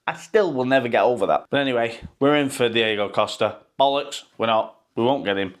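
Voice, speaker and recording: A man's voice: medium pitch, animated, a little fast, few pauses. A man ranting sarcastically and swearing freely in a football fan vlog. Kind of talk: pre-match fan vlog rant.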